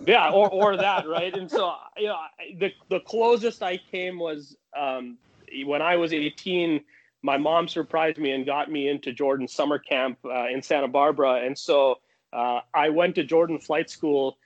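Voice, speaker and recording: A man tells a long personal story in a casual, animated way, often restarting his sentences. His voice sits a little high, and the sound is dull and lo-fi. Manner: animated, fast anecdotes with many restarts.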